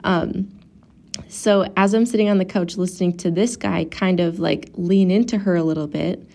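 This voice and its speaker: A woman's voice: on the low side, steady tone, moderate pace, creaky, warm tone. A young woman and mother telling a travel story to her viewers in a casual, chatty way, with lots of "like" and acted-out quotes.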